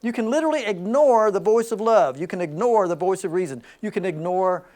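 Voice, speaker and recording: A spiritual group leader addresses a small gathering in a high voice, speaking a little fast. His delivery is dynamic, pressing hard on some lines and sinking to a near-hush on others, with the occasional laugh between points.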